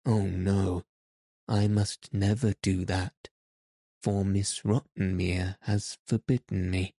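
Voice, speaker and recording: A man reading the lines of a frightened, homesick little orphan girl in a soft, plaintive way. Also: deep voice, level tone, slow, creaky, no echo, studio quality, heavily acted.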